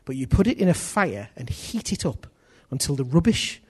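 Husky-voiced preacher man, lively sermon. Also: medium pitch, normal speed. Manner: animated, acts out congregation's voices, swings from loud to hushed.

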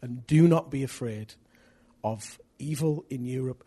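A man preaching a sermon, swinging from hushed, earnest lines to loud rallying questions to his congregation. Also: medium pitch, a little slow, breathy edge.

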